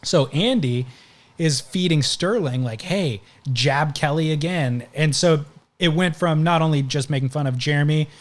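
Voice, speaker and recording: A man's voice: fairly high pitch, normal speed. A man hosting a podcast, casually recounting stories at length in conversation. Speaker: podcast host.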